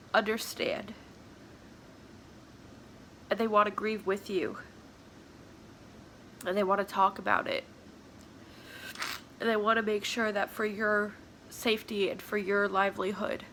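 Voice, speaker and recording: A tearful, sniffling woman talking at home in a personal confessional vlog, halting and soft, slipping into whispers. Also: medium pitch, little pitch movement, slight background noise. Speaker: vlogger.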